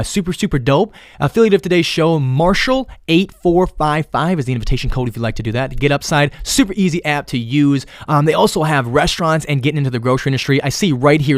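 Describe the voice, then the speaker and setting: A man running a solo podcast in a loose, profane, rambling way. His voice sits a bit high for a man and is recorded close and dry, with no room sound. He drops into quiet muttering, then jumps up loud and eager when he pitches something. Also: dry recording. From Minnesota. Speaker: podcast host. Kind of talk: casual solo podcast monologue.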